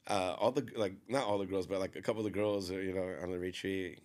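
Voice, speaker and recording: A man with a somewhat low voice tells a long story in a relaxed podcast conversation. He rambles, fills his sentences with small fillers and keeps quoting what other people said. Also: fast. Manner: rambling, filler-heavy, often quotes others.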